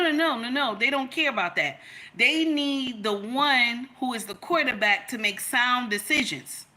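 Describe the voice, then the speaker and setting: A woman speaks in a bright, somewhat high voice. She tells stories as she makes a point and comes back to the same lines again and again for emphasis, in the way of a casual opinion vlog. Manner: emphatic, storytelling, repeats points. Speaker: content creator.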